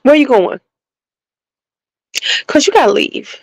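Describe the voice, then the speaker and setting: A woman's voice: high voice, animated, slow pace, gravelly, darkish tone, no room sound, low-quality recording. A woman beauty vlogger chatting casually and animatedly with her viewers. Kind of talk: casual livestream chat.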